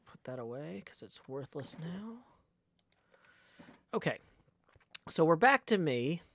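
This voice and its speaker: Slow and sing-song, his voice is on the high side and a bit bright. He's a card-game streamer keeping up casual, joking chatter while narrating each move he makes.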